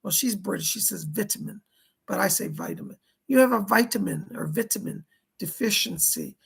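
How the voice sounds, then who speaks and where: A man hosting a live psychic reading stream. He sounds hoarse as he chattily relays spirit messages and thanks viewers by name. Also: high voice, a little fast. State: dry throat, hoarse.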